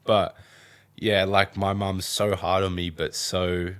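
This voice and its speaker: A man's voice: deep voice, flat delivery, takes it slowly. A young man with an Australian accent, chatting as a podcast guest in a rambling way full of "like". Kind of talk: casual podcast chat.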